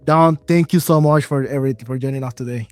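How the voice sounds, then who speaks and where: A man's voice: medium pitch, fast talker, no echo, faint music behind. A man with a Spanish accent hosting an interview, enthusiastic and stumbling over names. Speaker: interview host.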